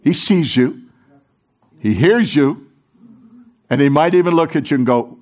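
A middle-aged man preaching a sermon, animated and urging the congregation to join in. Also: on the high side, measured pace. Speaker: pastor.

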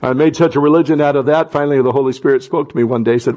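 A middle-aged man preaching a sermon as pastor, talking conversationally and then rising to loud impassioned cries. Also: medium pitch, fairly even intonation, rapid-fire, lo-fi sound, noisy background.

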